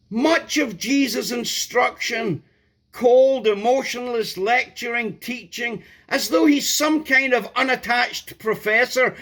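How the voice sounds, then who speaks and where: A man's voice: very high voice, fairly bright tone. A man preaching a sermon, emphatic and repeating key words for stress.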